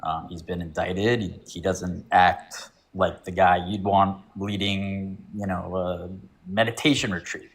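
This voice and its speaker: Low gravelly dude on a stream call, lots of um uh, hesitant. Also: male voice, steady tone, measured pace. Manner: hesitant, many fillers and restarts. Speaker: caller on a live stream debate. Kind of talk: casual argument.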